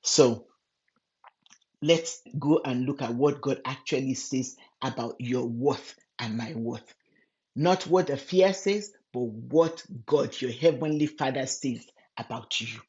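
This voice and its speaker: A woman giving a gentle, earnest devotional Bible teaching, speaking directly to the listener as a friend. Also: extremely low pitch, takes it slowly, lo-fi sound. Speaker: Christian women's ministry teacher.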